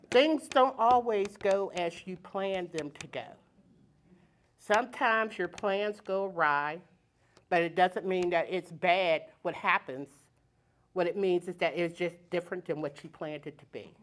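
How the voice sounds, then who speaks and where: Older woman telling a lively story. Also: on the low side, a little slow. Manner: lively, chuckling, plain-spoken. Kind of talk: personal storytelling before a live audience. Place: community center stage.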